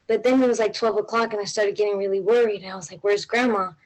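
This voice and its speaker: A woman's voice: medium pitch, steady tone, very fast, a little mellow, low-quality recording. A young woman telling a personal story on stage, in a casual way with many fillers and an anxious tone. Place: stage at a live event.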